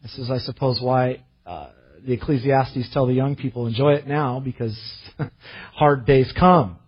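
A man preaching a sermon to his church, earnest, rising to loud pleading and dropping to quiet asides. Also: mid-range voice, fairly even intonation, measured pace, husky, highs cut off. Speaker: pastor.

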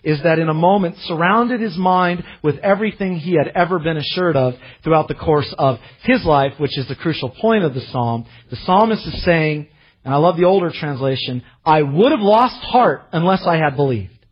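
A male pastor preaching a sermon, impassioned and slowing down to stress the scripture he reads, heard in a church. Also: fairly high pitch, slightly rough, dull audio. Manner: impassioned, slows to emphasize scripture.

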